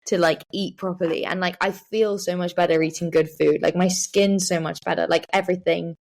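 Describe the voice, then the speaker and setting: A young woman talks in a relaxed, chatty way, her words full of fillers and "like"s. Her voice sits fairly low and has a gravelly fry to it. It sounds like a casual podcast interview. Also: brisk. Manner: chatty, many fillers and likes. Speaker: guest, professional cyclist.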